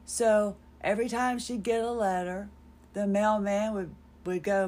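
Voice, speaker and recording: A woman's voice: medium pitch, fairly even intonation, unhurried, a little mellow. Wry woman telling family stories. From North Carolina, USA. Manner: rambling, wry, self-deprecating. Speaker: podcast host. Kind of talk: personal storytelling monologue.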